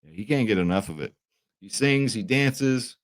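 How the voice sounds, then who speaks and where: A man's voice: medium pitch, expressive, moderate pace, no room sound. A young man casually talking through his sports betting picks, chatty and upbeat, often checking in with his viewers. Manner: chatty, upbeat, says "right?" and "guys" a lot. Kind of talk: casual picks video talk.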